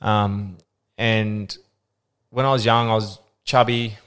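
Young man, podcast co-host, lowish voice, candid and casual, drops swear words. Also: fairly even intonation, slow, fairly bright tone, clear, resonant tone. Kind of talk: casual chat.

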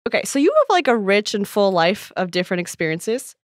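A woman's voice: mid-range voice, sing-song, a little fast, no room sound, clean studio sound. A young woman co-hosting an advice podcast, chatting casually with wry, self-deprecating jokes. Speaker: podcast co-host.

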